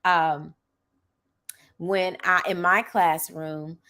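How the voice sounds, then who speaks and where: A middle-aged woman teacher talks through her classroom habits on her podcast. Her voice sits a little low for a woman. She is earnest and emphatic, checking in with an "okay?" as she goes. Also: fairly even intonation, extremely slow, bright, forceful tone. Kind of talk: casual podcast monologue.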